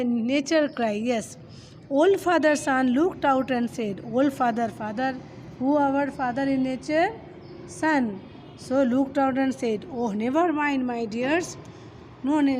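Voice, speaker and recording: A woman teacher, reading a children's poem aloud and then explaining it step by step, often pausing to address the children. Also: high voice, darkish tone, slight background noise. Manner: reads slowly, then explains step by step with frequent "okay" and "children". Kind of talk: classroom poem lesson.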